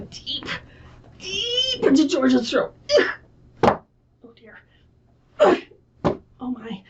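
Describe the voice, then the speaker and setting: Librarian lady reading to kids, high bright lively voice, far off muffled mic. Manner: animated, slow and expressive, asks the kids questions. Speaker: children's librarian. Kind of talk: children's storytime reading. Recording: distant muffled mic with faint hiss.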